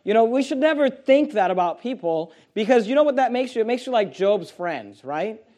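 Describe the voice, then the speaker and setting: A man's voice: high voice, big pitch swings, fairly quick, a little mellow. A man preaching a sermon, reading scripture aloud and explaining it emphatically with rhetorical questions. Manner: rhetorical questions, frequent restarts. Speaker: pastor.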